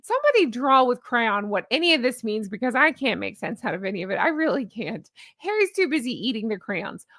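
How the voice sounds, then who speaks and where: A woman's voice: fairly high pitch, big pitch swings, brisk, few pauses, a bit bright, no room sound, clean studio sound. A woman in her forties giving casual commentary as a vlogger, sarcastic and exasperated, often laughing. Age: 40s.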